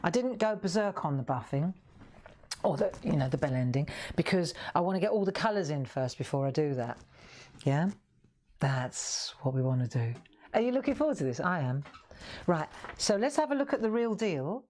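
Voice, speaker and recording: A woman's voice: low voice, expressive, normal speed, darkish tone, slight background noise. A middle-aged woman hosting a live colouring demonstration, chatty and encouraging as she talks straight to viewers. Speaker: craft show host.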